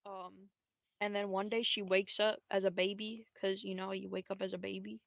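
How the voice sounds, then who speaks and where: A woman's voice: medium pitch, level tone, normal speed, vocal fry, no room sound. A young woman streamer telling a story in a casual, rambling way, full of slang and fillers.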